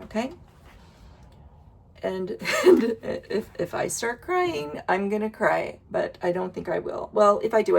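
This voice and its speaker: A woman reading oracle cards aloud in a casual vlog, slow and emotional, sighing and interrupting herself. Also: mid-range voice, gravelly. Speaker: oracle card reader. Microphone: wireless earbuds.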